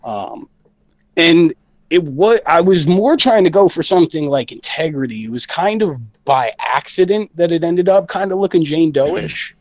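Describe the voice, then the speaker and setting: A man's voice: fairly high pitch, lively intonation, moderate pace, darkish tone, no echo, low-quality recording. A man recovering from the flu and out of breath, talking in a rambling way full of fillers and swearing as a guest in a casual studio interview. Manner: rambling, many fillers and profanity. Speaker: band member guest. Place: recording studio.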